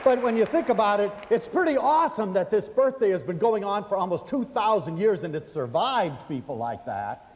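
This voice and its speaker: An older man from the United States telling personal stories to an audience, chatty and animated, acting out the voices of the people in them. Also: sits high, moderate pace, slight background noise. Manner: animated, acts out quoted voices, chatty fillers. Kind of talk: storytelling lecture to an audience. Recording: hall reverb.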